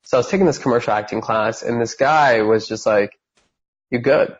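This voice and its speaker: A man's voice: medium pitch, a little fast, highs cut off. A man in his thirties from California, a podcast guest telling his story with lots of energy and acting out the voices of the people in it. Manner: animated storyteller who acts out quoted voices.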